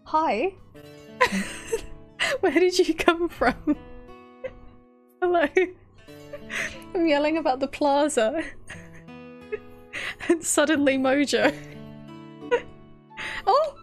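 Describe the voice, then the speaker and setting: Woman, game streamer, high voice, lively swoops, giggly, rambling, jumpy. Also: drawn-out words, pauses often, soft background music. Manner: giggly, rambling, easily startled. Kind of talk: casual live-stream gameplay chat.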